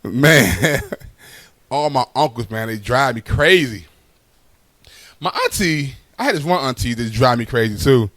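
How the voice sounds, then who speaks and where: Here the same young comic spins his stand-up stories casually, punctuating lines with "right?". He speaks in a mid-range, slightly bright voice with lively intonation, a little slow and with long pauses, on a dry recording.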